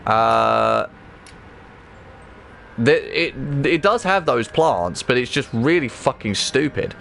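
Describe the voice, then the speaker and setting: A man streaming himself playing a game, chatting casually to viewers with rambling, excitable talk and frequent swearing. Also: medium pitch, slow, creaky, a little hiss or hum. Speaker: livestreamer. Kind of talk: casual gameplay livestream chat.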